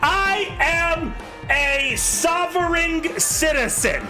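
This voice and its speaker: A man voicing a cranky old male bar owner who rants loudly about his rights. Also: very high voice, animated, extremely slow, music in the background, pitched above the performer's own voice, exaggerated voice. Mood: indignant. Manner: loud indignant ranting.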